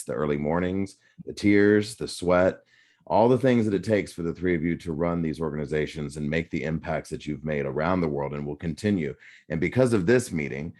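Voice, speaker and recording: A very low-pitched man moderates a panel over a video call. He is effusive and grateful, laughing easily between questions. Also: darkish tone.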